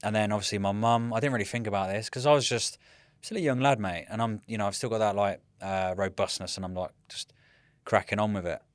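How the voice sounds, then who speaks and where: A man in his thirties, a military veteran guest, telling rambling, animated stories in casual chat and often saying "mate". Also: on the low side, quick pace, hardly any pauses, no echo. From United Kingdom.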